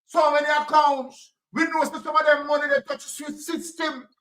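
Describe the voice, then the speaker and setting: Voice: high voice, flat delivery, normal speed, a bit bright, recorded from a distance, rough recording. A political commentator with a Jamaican accent, talking emphatically and repeating phrases in Jamaican Patois. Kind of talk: impassioned commentary.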